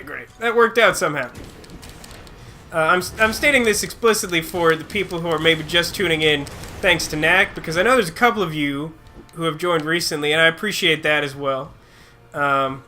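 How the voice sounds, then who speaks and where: A man's voice: on the high side, pushed and bright, slight background noise. A chatty young man, a little sick, rambling through casual gameplay commentary and reacting to the game. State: slightly sick. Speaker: let's play host.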